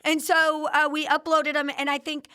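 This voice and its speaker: A woman's voice: high voice, flat delivery, moderate pace, bright, forceful tone. A woman podcast host telling her company's founding story in a casual interview, acting out the quoted dialogue with animation.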